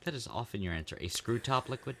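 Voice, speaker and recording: A man's voice: medium pitch, expressive, quick pace. A middle-aged American man co-hosting a podcast, rambling and joking in casual chat, trailing off with ums as he hunts for words. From United States. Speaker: podcast co-host.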